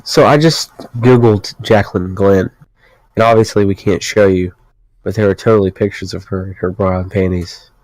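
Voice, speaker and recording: A man's voice: deep voice, fairly even intonation, moderate pace, darkish tone, no room sound, low-quality recording. A male podcast co-host chatting casually and rambling, with plenty of "like" fillers. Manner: rambling, full of "like". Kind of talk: casual chat.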